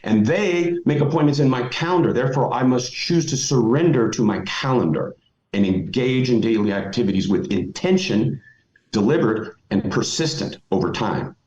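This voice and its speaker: A man's voice: mid-range voice, animated, moderate pace, a little mellow. A middle-aged man giving motivational advice as a podcast guest, emphatic and folksy. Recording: roomy, dull lo-fi audio.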